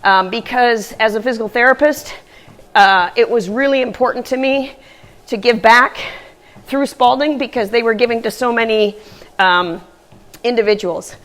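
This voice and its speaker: A woman vlogging casually from a gym, chatty and earnest, a little out of breath from moving at a faster pace. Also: on the high side, fairly even intonation, fairly bright tone. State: slightly out of breath. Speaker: running vlogger. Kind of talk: casual vlog talk.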